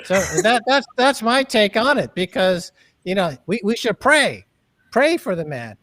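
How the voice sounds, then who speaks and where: A man hosting a panel talk, ranting in a bombastic way and often breaking into shouts. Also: high-pitched, sing-song, measured pace, dry recording. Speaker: host.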